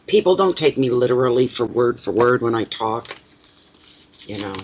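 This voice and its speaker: A man's voice: mid-range voice, normal speed. A man with a stuffy nose, rambling to himself while he gets ready for a casual card reading. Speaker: card reader. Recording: lo-fi with clear background noise.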